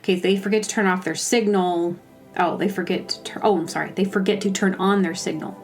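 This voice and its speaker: A woman's voice: on the low side, fairly even intonation, fairly quick, soft background music. A woman hosting a comedy show, ranting in a rambling, exasperated casual monologue that stops and corrects itself.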